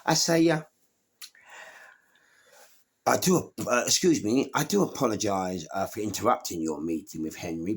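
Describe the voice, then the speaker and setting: A man's voice: on the low side, a bit bright, breathy edge. A middle-aged man with a London accent, telling a story animatedly and acting out other people's voices, with some swearing. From England.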